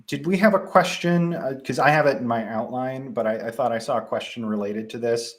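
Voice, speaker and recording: A young man with a Midwestern accent, casually presenting a live software tutorial with frequent ums and restarts. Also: medium pitch, fairly quick. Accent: Midwestern American.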